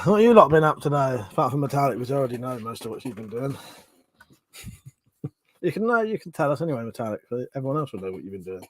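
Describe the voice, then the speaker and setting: A man chats through a live stream in a fairly high voice. He swears freely, laughs a lot and sounds a little stuffy from a runny nose. The sound is dry and close, with no room echo. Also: a bit bright. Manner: chatty, sweary, laughs often. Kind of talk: casual live stream chat.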